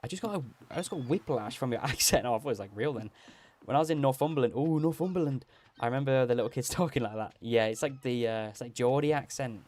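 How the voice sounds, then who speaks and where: A man's voice: medium pitch, quick pace, few pauses, darkish tone. A man live-streaming a video game, chatting casually and rambling while reading chat. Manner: rambling, chatty, laughs often, reads out chat.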